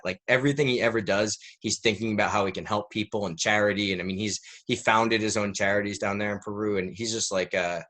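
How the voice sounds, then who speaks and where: A man in his thirties, a podcast guest telling a rambling story in casual interview talk, peppered with "like". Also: fairly low pitch. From United States. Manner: rambling, animated storyteller who fills with "like".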